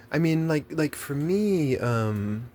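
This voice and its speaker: A man's voice: on the high side, darkish tone. An American man ranting casually and rambling, swearing a lot and restarting his sentences, with faint background noise. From United States. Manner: profane, rambling, many restarts and fillers.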